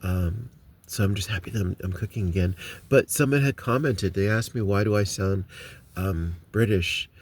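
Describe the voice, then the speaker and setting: An American vlogger with a fairly low voice talks at normal speed to his viewers, recording on a phone in a parked car. His casual talk rambles, with many ums and restarts.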